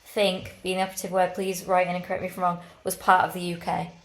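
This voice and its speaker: A woman's voice: on the low side, completely flat delivery, quick pace, echoey room, poor audio. A woman co-hosting a podcast in casual chat, rambling and correcting herself with frequent giggles. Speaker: podcast co-host.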